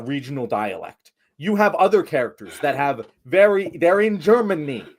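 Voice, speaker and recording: A man co-hosting a podcast, giving opinionated, profane takes on a movie. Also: fairly high pitch. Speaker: podcast co-host. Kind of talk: casual movie review chat.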